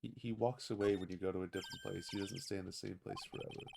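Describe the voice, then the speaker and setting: A man's voice: sits low, steady tone, quick pace, creaky, over music. A man casually commenting on a game he is playing on a stream. He talks in a rambling, offhand way.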